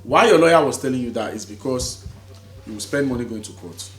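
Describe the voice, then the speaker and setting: A man's voice: mid-range voice, lively intonation, brisk, a bit bright. Earnest man in a roomy space. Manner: earnest, explaining, emphatic. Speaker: podcast co-host. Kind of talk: casual discussion. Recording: roomy echo, faint music.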